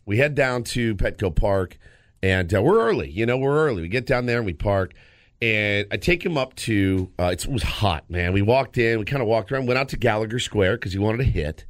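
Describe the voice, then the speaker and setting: A man co-hosting a sports radio show, telling a story in a lively, casual way with frequent restarts, in a studio. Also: lowish voice, fairly quick, no echo. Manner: animated storyteller, lots of restarts.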